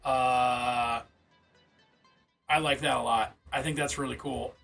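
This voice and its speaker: Bright-voiced casual streamer guy. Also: mid-range voice, steady tone, slow, gravelly, faint music behind. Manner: reads game rules aloud, then reacts with casual, swearing asides. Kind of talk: casual livestream commentary.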